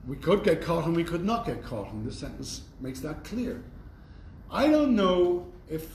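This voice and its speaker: A man's voice: a little high, very animated, a little slow, darkish tone. A man giving a university lecture in a thoughtful, conversational way with wry asides. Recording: roomy echo, faint background noise.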